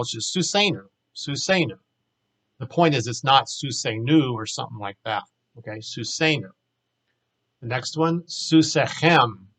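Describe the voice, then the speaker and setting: A man with an ordinary mid-range voice teaches a recorded language lesson. He talks in a relaxed, plain way and slows down to say each example word twice. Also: mid-range voice, rough recording. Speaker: Hebrew teacher.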